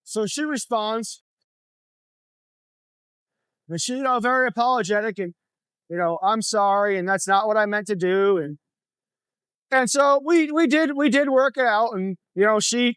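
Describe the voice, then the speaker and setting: A man's voice: extremely high pitch, moderate pace, long pauses, a bit bright, clean tone, dry recording. A man in his thirties vlogging from his motorcycle, telling a story in a blunt, profane, casual way. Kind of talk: casual vlog talk while riding. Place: on a motorcycle on the road.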